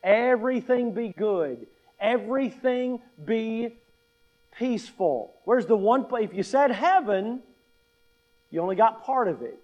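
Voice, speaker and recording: Man, middle-aged, pastor, sermon, high-pitched, slow, emphatic, repeats phrases, rhetorical questions. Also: expressive, lo-fi sound.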